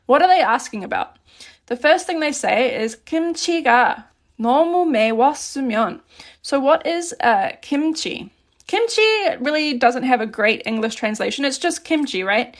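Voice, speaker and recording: A woman teaching a relaxed, chatty live grammar lesson and reading out questions from chat as she writes on paper at her desk. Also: sits high, normal speed. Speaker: Korean language teacher.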